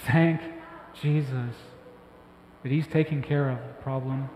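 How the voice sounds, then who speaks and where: A man preaching a sermon as pastor, talking emphatically with excited bursts that drop back to a soft voice. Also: medium pitch, a little slow, slight background noise. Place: church hall. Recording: echoey hall with faint ambience.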